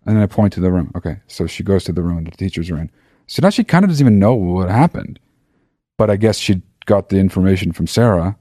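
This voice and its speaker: Profane rambling man with a mellow, low voice. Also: fast, no room sound, clean studio sound. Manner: profane, rambling, animated retelling. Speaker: podcast host. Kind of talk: casual storytelling monologue.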